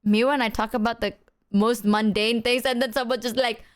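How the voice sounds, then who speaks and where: A young woman streamer chatting casually, telling an animated story and acting out the quotes. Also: a little high, moderate pace, smooth. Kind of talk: casual chat.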